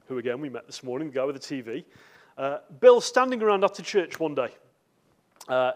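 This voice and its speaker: Man preaching a lively sermon. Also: a little high. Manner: storytelling with acted quotes and repeated words. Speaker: visiting preacher.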